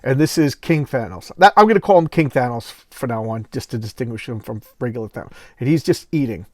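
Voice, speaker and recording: A man's voice: medium pitch, expressive, quick pace, darkish tone, no room sound, clean studio sound. Rambling man retelling comics. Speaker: comic book reviewer. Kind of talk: casual comic commentary.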